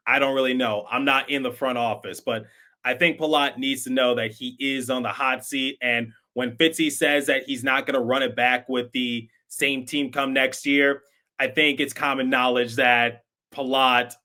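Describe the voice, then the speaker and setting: A man hosts a sports podcast with a bright, forceful tone. His talk is conversational and emphatic, and he sometimes repeats a word as he presses a point. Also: mid-range voice. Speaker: podcast host. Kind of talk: opinionated sports commentary.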